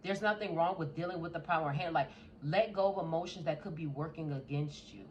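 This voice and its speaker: A woman's voice: low voice, a little fast, slight background noise. Blunt, profane woman tarot reader. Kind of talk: casual tarot reading.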